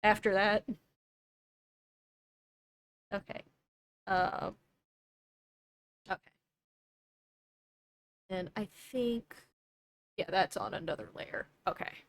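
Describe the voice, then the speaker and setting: A young woman streamer chats casually while drawing, thinking out loud and second-guessing herself as she goes. Her voice is mid-range and a bit bright.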